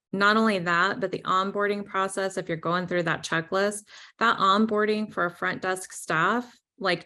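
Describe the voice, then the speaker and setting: A consultant from New York talks casually on a business podcast, chatty and full of fillers like "like" and "right?" Her voice is mid-range with a fairly bright tone.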